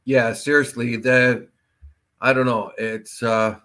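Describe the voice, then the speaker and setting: A man's voice: mid-range voice, level tone, takes it slowly, bright, forceful tone. A man co-hosting a local talk show in casual chat, with a rambling, anecdotal way of talking.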